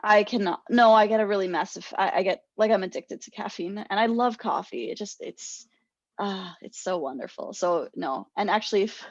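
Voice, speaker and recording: Speaking at a moderate pace in a mid-range voice, this young woman is a podcast co-host who chats casually, tells lively stories, and laughs a lot. There's no room sound; the audio is dry, dull, and lo-fi.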